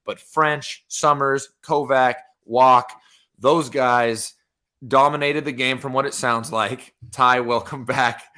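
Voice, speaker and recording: A man co-hosting a podcast, giving an excited, casual game-by-game breakdown in sports chat. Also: medium pitch, slow. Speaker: podcast co-host.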